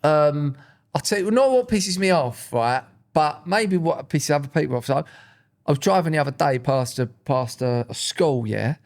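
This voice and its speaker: A man's voice: fairly high pitch, animated, normal speed. Jokey young man chatting on a podcast. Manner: jokey, slips into mocking voices. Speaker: podcast co-host. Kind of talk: casual comedy podcast chat.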